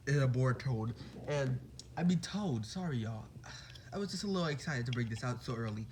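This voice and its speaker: A young man casually retelling a fan story, rambling and excitable, full of fillers and quick apologies. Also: mid-range voice, slight background noise.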